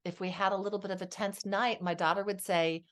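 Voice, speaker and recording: A woman's voice: mid-range voice, steady tone, brisk. A woman in her fifties, a marriage and family therapist, speaking as a podcast guest in a heartfelt, reflective way. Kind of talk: candid podcast interview.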